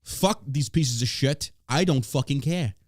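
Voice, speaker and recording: A man's voice: medium pitch, a little slow, darkish tone, dry recording, clean studio sound. A man hosting a podcast, ranting in casual chat with a profane, sarcastic, mocking manner. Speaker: podcast host.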